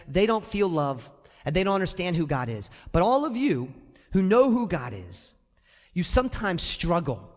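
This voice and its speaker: A male pastor preaching a sermon in a church sanctuary, animated and conversational with touches of humor. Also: sits high, big-room sound.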